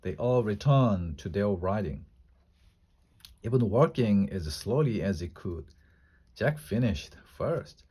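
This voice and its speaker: A man reading a children's chapter book aloud, slow and deliberate. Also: on the low side, animated, mellow, husky. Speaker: storybook reader.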